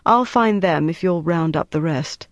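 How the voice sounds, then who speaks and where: A man reading an audiobook, voicing a tough, tired female agent in a brisk, clipped way. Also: a little high, no echo. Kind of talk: audiobook character voice.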